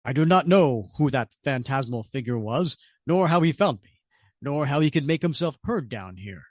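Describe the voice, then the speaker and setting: A man's voice: mid-range voice, animated, normal speed, no room sound, clean studio sound, lightly acted. A man voicing a proud, brooding undersea prince who speaks in formal, stately lines from a comic. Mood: solemn.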